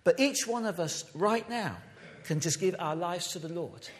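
A man's voice: high voice, moderate pace, long reverb tail. A man from the United Kingdom giving an impassioned sermon as a pastor, recorded in a church. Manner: impassioned, emphatic preaching.

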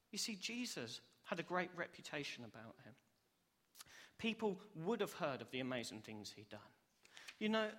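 A young man preaches with earnest, upbeat energy, his voice high and bright. He acts out the reactions he describes. The sound rings with the long reverb of a church hall. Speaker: preacher, cell group leader. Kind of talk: sermon.

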